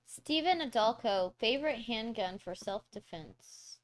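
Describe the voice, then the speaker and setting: A woman's voice: a little high, lively intonation, measured pace. A woman co-hosting a casual live-stream Q&A, reading viewer questions aloud in a plain, easy way.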